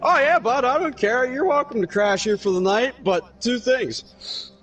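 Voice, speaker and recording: A man voicing his gruff, foul-mouthed dad, blunt and laid-back, swearing freely. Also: extremely high pitch, measured pace, a bit bright, soft background music, voice pushed up.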